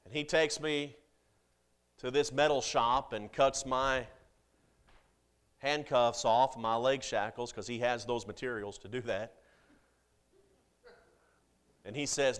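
A man preaching a sermon to a congregation, with big swings in loudness and pitch and jokes with the listeners. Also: steady tone, unhurried, smooth.

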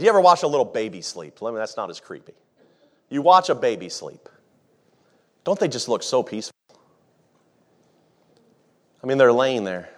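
A man preaching a sermon, who jokes with the congregation and acts out scenes, swinging from hushed asides to shouting. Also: mid-range voice. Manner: dramatic, acts out the disciples' panic, swings from quiet to shouting. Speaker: pastor.

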